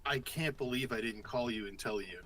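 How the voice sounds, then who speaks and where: A man co-hosting a casual chat, telling a story in an animated way and swearing freely. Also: mid-range voice, brisk. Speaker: podcast co-host.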